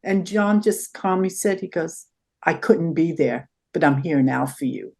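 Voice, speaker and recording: A woman's voice: sits low, measured pace, vocal fry, slightly rough. An older woman, an interview guest, telling stories in a conversational way and acting out what people said. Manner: animated storyteller acting out quotes.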